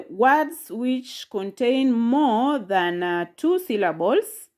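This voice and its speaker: A woman teaching a pronunciation lesson, saying each word slowly and repeating it several times. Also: fairly high pitch, a little mellow. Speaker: language teacher. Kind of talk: slow, drilled pronunciation lesson.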